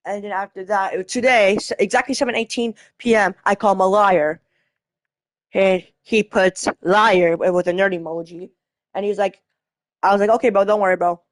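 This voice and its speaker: A woman's voice: mid-range voice, fairly even intonation, normal speed, dry recording, clean studio sound. A woman vlogging a casual storytelling rant, rambling, restarting herself and swearing as she retells an argument from a chat.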